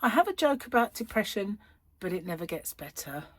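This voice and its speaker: Here the crochet channel host, a middle-aged woman, speaks a little fast in a mid-range voice with big pitch swings and no echo. Her talk to camera is casual, rambling and full of laughter, recorded indoors at home.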